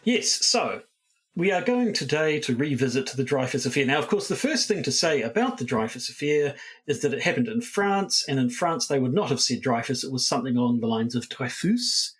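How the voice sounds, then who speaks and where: A man's voice: mid-range voice, very animated, brisk, slightly rough. A man with a New Zealand accent co-hosting a casual podcast, rambling and repeating his words. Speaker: podcast co-host.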